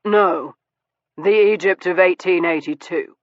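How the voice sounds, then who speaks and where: A man's voice: high-pitched, unhurried, no room sound. An actor voicing a laconic, brooding Victorian naturalist man in an audiobook, dry in manner and turning wistful. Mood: reflective. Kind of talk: audiobook character dialogue. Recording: dull, muffled studio recording.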